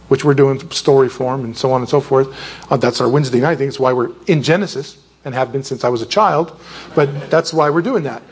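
A man's voice: on the high side, slightly rough. A male pastor giving a sermon in a rambling, conversational way, often losing his train of thought.

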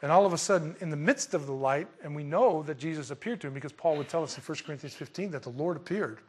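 A man preaching a verse-by-verse Bible sermon in an animated, colloquial way, with emphatic bursts. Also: on the high side, fast, slightly rough. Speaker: pastor.

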